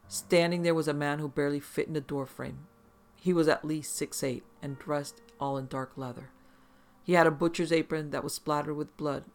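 A man's voice: fairly high pitch, creaky. A man narrating a first-person horror story in an intense, profane, vivid way.

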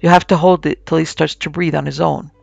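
A man doing an eerie old witch woman, calm and coaxing. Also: on the high side, brisk, creaky, dry recording, highs cut off. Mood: brusque. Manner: calm, coaxing, folksy rural talk.

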